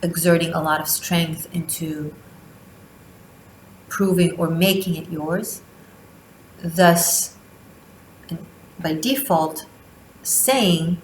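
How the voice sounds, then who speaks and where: A woman with a low voice leads a spiritual tarot reading. She talks slowly and deliberately, leaving long pauses between phrases. The room around her is echoey. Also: slight background noise. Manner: slow, deliberate delivery with drawn-out pauses. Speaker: tarot reader. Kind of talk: spiritual monthly reading, teaching.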